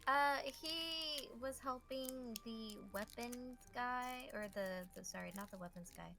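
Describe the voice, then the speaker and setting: A woman's voice: a little high, slow, gravelly, bright, forceful tone. A woman playing a tabletop game, chatting casually and often searching for words. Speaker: player.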